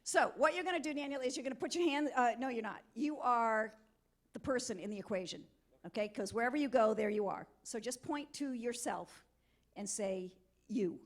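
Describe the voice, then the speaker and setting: A middle-aged woman giving an energetic, interactive motivational talk at a conference, coaxing volunteers from the audience. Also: fairly high pitch, fairly quick. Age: middle-aged or older. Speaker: conference keynote speaker. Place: conference hall.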